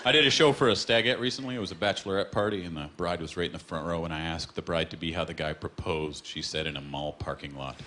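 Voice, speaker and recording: A man doing a stand-up routine on a club stage, telling stories with a deadpan delivery and quick punchlines. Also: sits low, a faint crowd. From Canada. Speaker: stand-up comedian. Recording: noisy live comedy club.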